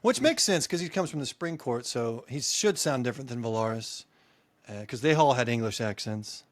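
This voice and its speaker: A man's voice: medium pitch, brisk, dry recording. A young man co-hosting a casual chat podcast, joking around, laughing often and trying out silly accents. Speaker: podcast co-host.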